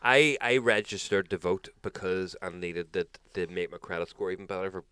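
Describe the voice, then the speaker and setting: A man's voice: deep voice, normal speed, smooth, no echo. A man in his thirties with a Northern Irish accent, co-hosting a casual podcast chat, swearing freely as he tells stories. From Northern Ireland. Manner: swearing, animated storyteller. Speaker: podcast co-host.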